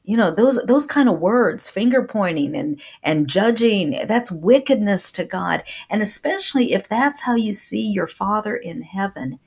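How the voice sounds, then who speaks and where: Husky-voiced woman preaching earnestly. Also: mid-range voice, animated, a little slow, hardly any pauses, darkish tone. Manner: earnest, repeats words when stressing points. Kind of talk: sermon. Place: speaking to a remote audience.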